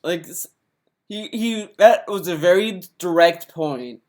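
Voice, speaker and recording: A man's voice: high-pitched, slow pace, darkish tone. A man giving casual reaction commentary on clips he plays, rambling and restarting his sentences. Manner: rambling, many restarts and fillers. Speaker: commentary youtuber.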